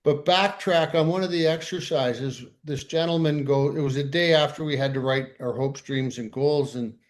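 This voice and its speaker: A man's voice: a little high, moderate pace. A man co-hosting a podcast, telling a candid, self-deprecating story in casual conversation. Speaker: podcast co-host.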